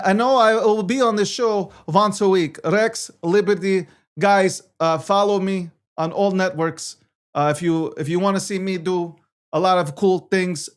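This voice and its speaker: A high-voiced man riffs through a casual crypto market livestream as its weekly co-host. He brags and jokes as he goes, halting and repeating his phrases while he reads through the numbers.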